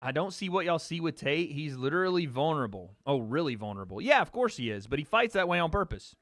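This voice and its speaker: With big pitch swings and a quick pace, a man's fairly high, fairly bright voice comes through clean studio sound without echo. He's a livestream host keeping things loose, talking straight to chat about a fight, joking and saying things twice.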